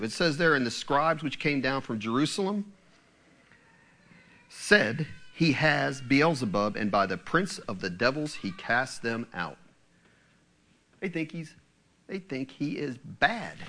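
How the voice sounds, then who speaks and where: A man's voice: medium pitch, bright, forceful tone. A man preaching a sermon, asking rhetorical questions and acting out quotes. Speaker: pastor.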